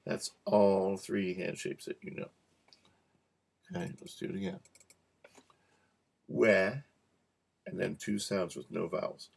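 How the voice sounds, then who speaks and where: A man teaching a cueing lesson, repeating practice words slowly and joking softly as he goes. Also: deep voice, flat delivery. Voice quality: gravelly. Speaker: cueing instructor. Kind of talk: relaxed teaching to camera.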